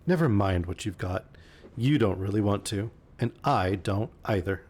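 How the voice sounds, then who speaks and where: A man's voice: lowish voice, lively intonation, normal speed, darkish tone. A man reading aloud and voicing a lonely, wistful young woman who turns teasing.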